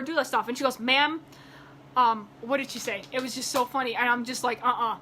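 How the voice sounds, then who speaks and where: A woman's voice: high-pitched, a little fast, sharp tone, slight background noise. A woman vlogger telling a story in a casual rant, acting out both sides of a phone call and rising in exasperation when heated.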